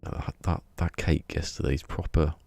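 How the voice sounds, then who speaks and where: A man's voice: very deep voice, fairly even intonation, moderate pace, vocal fry, darkish tone, a little hiss or hum. A man, chatting casually on a game live stream and muttering to himself as he tinkers. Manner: rambling, mutters to himself while he works. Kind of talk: casual live-stream chat while playing.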